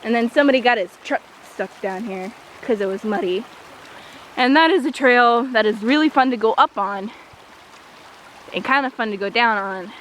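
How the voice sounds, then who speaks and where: A teenage girl with a slightly high, fairly bright voice vlogs a walking tour through a small forest by a creek on a windy day, filming on a handheld iPod camera. She's chatty and self-mocking with jokey asides, and the low-quality recording picks up wind noise and the rushing creek.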